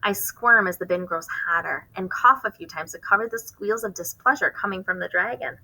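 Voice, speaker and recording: A woman reading a children's novel aloud, expressive, with occasional stumbles and rereads. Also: medium pitch, moderate pace, low-quality recording. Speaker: reader hosting a book channel.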